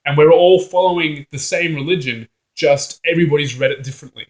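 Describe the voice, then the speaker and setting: A man's voice: fairly high pitch, a little fast. A man with an Australian accent in casual chat, laughing often and swearing freely. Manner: laughs often, animated and profane. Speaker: co-host. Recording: roomy echo.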